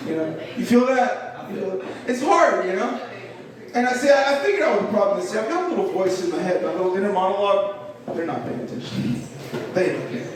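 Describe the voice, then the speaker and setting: Man, stand-up comic, high voice, very echoey room, distant mic. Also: fast, crowd noise. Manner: self-deprecating, animated, rambling. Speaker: comedian. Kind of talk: stand-up comedy at an open mic. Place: small comedy club. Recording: echoey club, mic heard from afar.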